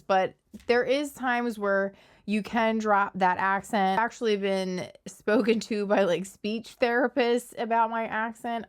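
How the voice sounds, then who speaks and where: Philadelphia-accented woman, smooth lowish voice. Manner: conversational, opinionated, analytical. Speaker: commentary channel host. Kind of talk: casual commentary.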